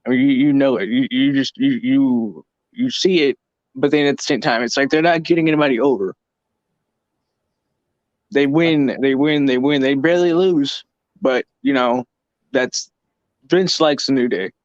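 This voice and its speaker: A man's voice: mid-range voice, dry recording. Stammering opinionated man on a lo-fi mic. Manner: halting, stammers and restarts, opinionated. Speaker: podcast co-host. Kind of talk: casual podcast chat. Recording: dull dry lo-fi mic.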